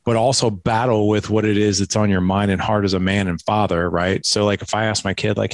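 Gravelly-voiced man telling dad stories. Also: lowish voice, fast talker, dry recording. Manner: animated storytelling, acts out dialogue with his kids; filler-heavy, frequent "like" and "right?". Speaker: podcast guest, dad coach. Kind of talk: conversational interview.

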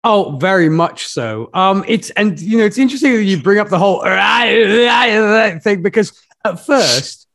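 A man hosting a casual film discussion, chatty and quick to laugh, with hesitant restarts. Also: high-pitched, lively intonation, a bit bright. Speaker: podcast host.

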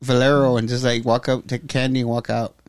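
A man's voice: mid-range voice, little pitch movement, a little fast, smooth, no room sound. A man co-hosting a podcast, goofy and crude, often laughing. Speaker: podcast co-host. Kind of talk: casual chat.

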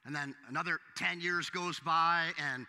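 Male pastor preaching, bright piercing tone, goes hushed then loud, long echo in the hall. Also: fairly high pitch, normal speed. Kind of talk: sermon.

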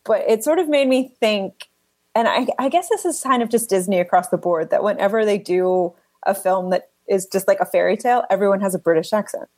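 A woman's voice: medium pitch, brisk, a little mellow, dry recording. A woman co-hosting a casual podcast chat, talking with lots of "like" fillers and giggly asides. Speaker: podcast co-host.

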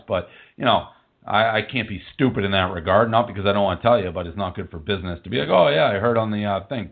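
Blunt rambling male radio host. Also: on the low side. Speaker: host taking listener calls. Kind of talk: casual call-in radio chat. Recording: narrow phone-like audio.

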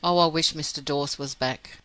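A frail, exhausted lady lying ill in a storybook reading, voiced by a man. She is lifted clearly higher than the reader's own voice and sounds faint and tired. The sound is dry and close. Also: fairly even intonation, normal speed, bright, forceful tone, dry recording, rough recording. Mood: weary. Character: weary ailing middle-aged lady, feeble.

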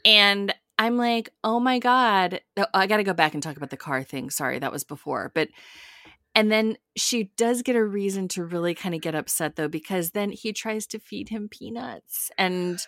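A woman's voice: medium pitch, moderate pace, sharp tone, no room sound, clean studio sound. A woman podcast co-host chatting casually as she recaps a reality show, acting out quotes with big jumps in voice.

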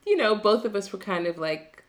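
A woman's voice: mid-range voice, sing-song, fairly quick. A young woman co-hosting a podcast in a casual chat, rambling with many fillers and frequent laughs. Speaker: podcast co-host.

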